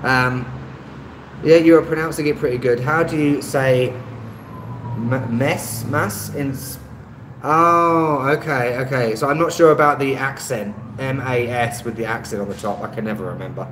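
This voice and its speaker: A man's voice: medium pitch, normal speed. An Englishman hosting a casual live stream and reading out viewer comments. He rambles, hesitates often with "um," and laughs lightly between remarks. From England. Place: indoor room, street traffic outside. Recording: echoey room with faint street noise.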